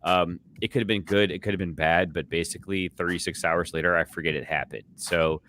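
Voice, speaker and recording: A man's voice: sits low, fairly even intonation, a little fast, sharp tone, slight background noise. A man co-hosting a beer podcast, talking loosely, swearing and laughing. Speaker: podcast co-host. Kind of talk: casual beer podcast banter.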